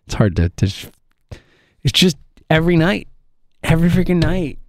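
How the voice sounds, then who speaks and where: A man's voice: fairly high pitch, big pitch swings, moderate pace, dry recording, studio quality. A man, ranting in frustration about his baseball team, rambling and laughing bitterly. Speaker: sports fan commentator. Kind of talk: ranting sports commentary.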